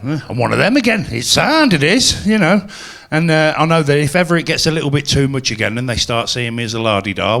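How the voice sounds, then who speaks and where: A man's voice: mid-range voice, creaky, fairly bright tone. A man performing a chatty, self-mocking stand-up set at a live venue. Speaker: stand-up comedian.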